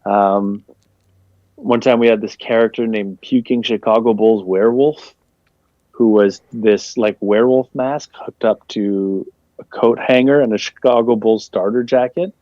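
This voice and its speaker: A man's voice: lowish voice, steady tone, measured pace, no echo. A young man, a guest comedian, rambling casually through an interview in a laid-back way. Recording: dull lo-fi dry sound.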